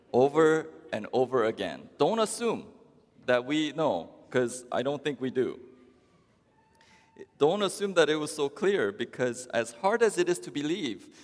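A male pastor delivering a sermon in a slow, unhurried, wry manner, as if chatting with his congregation. His mid-pitched voice trails into long reverb across the church. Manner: conversational, wry, with drawn-out pauses.

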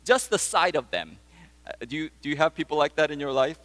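A pastor preaches animatedly at a fairly quick pace, telling stories and quizzing his congregation. His voice is fairly high and fairly bright, and it leaves a long reverb tail.

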